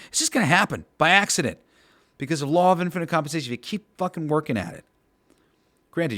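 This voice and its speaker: Guy hosting a podcast, rambly and sweary, lots of ums and you knows, middle pitch. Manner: rambling, profane, with many fillers. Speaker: podcast host. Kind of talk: casual spoken monologue.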